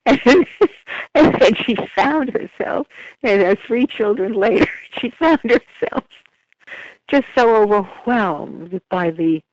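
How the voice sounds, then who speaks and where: Older woman guest, higher voice, giggly halting chat, dry lo-fi remote line. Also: animated, dry recording. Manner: laughs often while talking, halting restarts. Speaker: author guest. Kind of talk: casual conversational interview.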